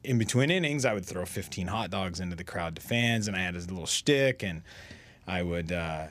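Middle-aged guy with a really low voice, rambling self-deprecating stories in a podcast chat. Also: animated, a bit bright, dry recording. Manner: self-deprecating, halting with many restarts. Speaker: guest. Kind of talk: casual storytelling in a podcast chat.

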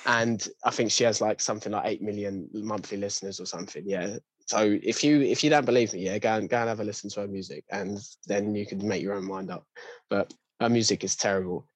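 A young man complains in a loose, slangy chat, stumbling and restarting as he gets worked up. His voice sits low and sounds dry and close to the mic. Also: fairly even intonation, a little fast, slightly rough, no room sound. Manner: ranting, frequent restarts and slang. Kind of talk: casual chat.

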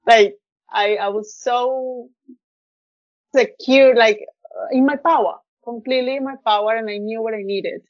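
A woman's voice: on the high side, moderate pace, no echo, lo-fi sound. A woman guest on a podcast, telling a personal story in an effusive, heartfelt way with plenty of fillers. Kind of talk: casual storytelling interview.

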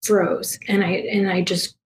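A woman guest telling a personal story in a soft, emotional way, halting and full of fillers and restarts. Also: mid-range voice, little pitch movement, roomy sound, a little hiss or hum. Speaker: guest, past life regression therapist.

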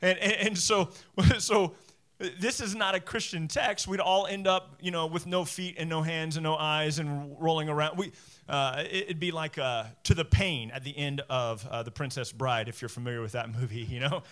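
A man in his forties preaching a sermon from a church stage, animated and self-deprecating, acting out voices as he goes. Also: a little high, normal speed. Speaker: pastor. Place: church stage before a congregation.

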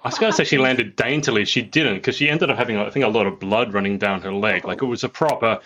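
A man's voice: on the low side, quick pace, muffled recording, noisy background. An Australian man co-hosting a podcast, chatting casually in a playful, teasing storytelling way. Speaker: podcast co-host. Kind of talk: casual chat.

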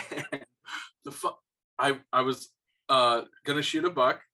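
Bright-voiced young man telling stories. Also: mid-range voice, unhurried. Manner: swearing freely, animated when quoting others. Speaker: podcast co-host. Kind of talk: casual storytelling chat.

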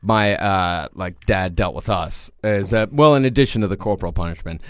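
Low-voiced, easygoing man podcast host. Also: moderate pace, clear, resonant tone, no echo. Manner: easygoing, frequent fillers, laughs along. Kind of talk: casual chat.

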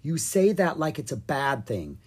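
A reader voicing a bold, cheerful young girl dragon in a children's storybook, speaking in a bright, excited way. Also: mid-range voice, unhurried, slightly rough. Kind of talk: storybook character voice.

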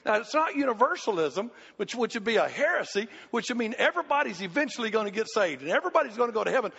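A man's voice: high-pitched, big pitch swings, fast talker, creaky, pushed and bright, breathy edge. A man preaching a sermon, folksy and joking, sometimes pleading. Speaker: pastor. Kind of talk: sermon with congregation volunteers. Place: church sanctuary. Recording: muffled church hall reverb.

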